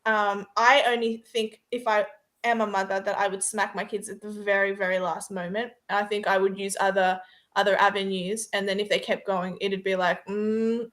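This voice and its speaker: A woman's voice: medium pitch, little pitch movement, normal speed, fairly bright tone. Chatty woman in a roomy echo. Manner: chatty, laughs easily, trails off with fillers. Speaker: guest. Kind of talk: casual discussion.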